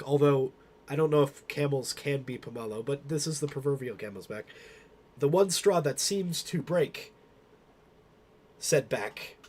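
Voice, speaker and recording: Young male streamer hosting a joke slideshow, unhurried mock-grand narrator delivery. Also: mid-range voice, slightly rough. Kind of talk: mock-formal meme slideshow commentary.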